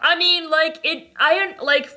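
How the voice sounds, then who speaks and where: High bright-voiced woman, hesitant, lots of laughing, casual movie chat. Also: fairly even intonation, a little slow. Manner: hesitant, laughs often, short agreements. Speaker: co-host.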